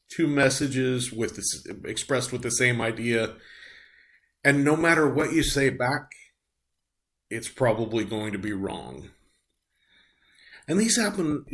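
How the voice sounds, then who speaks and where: A middle-aged man teaching a recorded class on patient communication. His voice sits at an ordinary middle pitch. He explains each point plainly and often pauses on um and uh. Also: fairly bright tone. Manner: explanatory, frequent ums and uhs. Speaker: nursing instructor. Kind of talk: recorded lecture.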